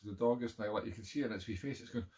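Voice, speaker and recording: A middle-aged man with a Scottish Edinburgh accent hosts a music live stream from his home setup, chatting casually between tunes. His lowish, slightly mellow voice goes rapid-fire, rambling and self-amused with many fillers.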